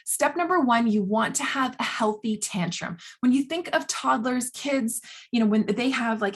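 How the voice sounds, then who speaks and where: A woman health coach talking casually to camera, chatty and animated, with lots of filler words. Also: a little high, moderate pace, few pauses, breathy edge.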